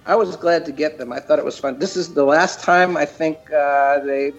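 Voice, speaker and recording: A man's voice: a little high, normal speed, muffled recording, soft background music. A man chatting as an interview guest, rambling with lots of restarts. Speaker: guest, cartoon creator. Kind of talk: casual interview chat.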